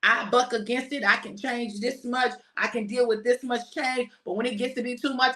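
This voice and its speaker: A middle-aged woman preaching an informal sermon in a lively, conversational way, addressing her listeners as y'all. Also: normal speed, few pauses. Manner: preachy, conversational, uses y'all and folksy phrasing; lively, emphatic, rising to high pitch for emphasis. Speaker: pastor and prophetic speaker. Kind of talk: informal sermon, live stream.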